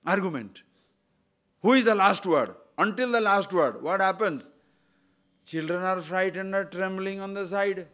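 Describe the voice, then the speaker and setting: An older man teaches a spiritual discourse in a fairly high voice. He asks rhetorical questions, repeats key words and swings his pitch and loudness widely. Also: unhurried.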